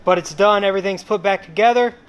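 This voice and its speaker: A young man hosting a casual shop vlog, explaining engine work in a relaxed way with fillers. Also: sits high, quick pace, slight background noise. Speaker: car mechanic host. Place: car workshop. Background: music.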